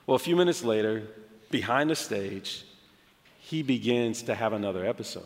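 An American man preaching a sermon, telling a story in an animated way with many casual "like" asides. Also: medium pitch, moderate pace. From United States. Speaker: pastor. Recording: long hall reverb.

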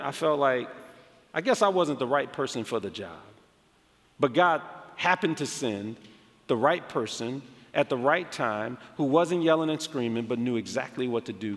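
An American man preaching a sermon, telling a story in an animated way with many casual "like" asides. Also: medium pitch, gravelly. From United States. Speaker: pastor. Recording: long hall reverb.

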